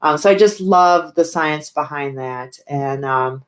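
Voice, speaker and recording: Brief: woman guest, low-pitched, chatty storyteller, fillers and restarts, lively retellings. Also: measured pace. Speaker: haunted house owner and paranormal investigator. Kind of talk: casual storytelling interview.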